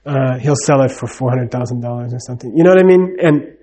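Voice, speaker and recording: A man's voice: medium pitch, fast, mellow. A middle-aged man giving a casual, rambling talk, full of fillers and "you know what I mean". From United States.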